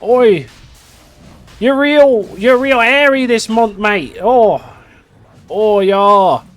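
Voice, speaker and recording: A man voicing a chummy, hairy Australian bloke in a hammy mock Australian accent, halting and slangy. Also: high voice, voice pushed up. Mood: joking.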